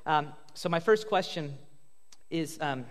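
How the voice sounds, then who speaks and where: A pastor on a church stage interviewing guests in an upbeat, joking way, halting with fillers. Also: male voice, on the high side, slight background noise. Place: church sanctuary. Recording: long hall reverb.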